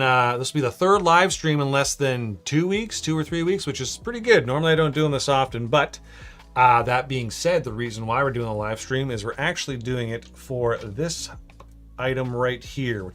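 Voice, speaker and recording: A man's voice: medium pitch, fairly quick, a bit bright. A man hosting a casual live stream from his home studio, chatty and upbeat as he greets viewers. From Canada. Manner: upbeat, chatty, reads viewer comments aloud. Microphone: shotgun mic.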